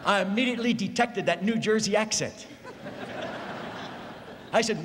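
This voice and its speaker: A man preaching a fiery sermon, swinging between near-shouts and hushed, low lines. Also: fairly quick. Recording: long hall reverb.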